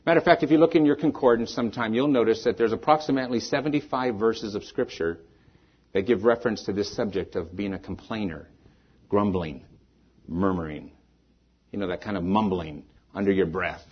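A middle-aged man preaches a sermon in church, with a husky voice. His delivery swings from loud peaks down to quiet, fading ends. The recording sounds dull and lo-fi. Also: fairly low pitch, fairly quick. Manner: dynamic preaching, rising then falling away to soft endings. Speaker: pastor.

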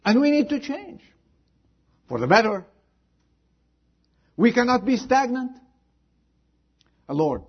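A man's voice: sits high, animated, unhurried, pauses often, breathy edge, dull audio. A man preaching a sermon, earnestly repeating rhetorical questions to his congregation, in slightly non-native phrasing. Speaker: pastor.

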